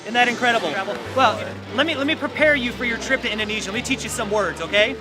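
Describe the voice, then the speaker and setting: A man's voice: extremely high pitch, fast. A man presenting a playful street video, teasing people he meets with an upbeat, exaggerated delivery. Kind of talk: playful street vox pop. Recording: outdoor street with music and crowd.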